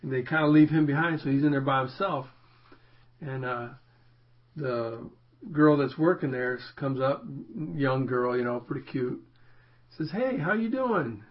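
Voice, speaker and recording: A man's voice: medium pitch, fairly even intonation, measured pace, muffled recording. A man casually telling a rambling anecdote on a talk show, often restarting his sentences. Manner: rambling, self-interrupting, puts on voices in anecdotes. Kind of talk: casual storytelling.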